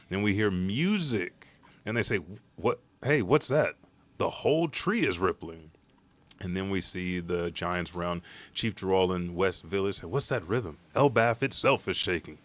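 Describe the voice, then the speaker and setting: A man hosting a live comic reaction stream, talking in a rambling, profane, excitable way. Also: deep voice.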